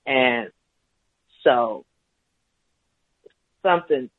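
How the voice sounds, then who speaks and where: A man's voice: mid-range voice, drawn-out words, dry recording. A man calling in to a talk show, telling a story in a rambling, hesitant way. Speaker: caller. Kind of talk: call-in talk radio account. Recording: tinny phone line, dry.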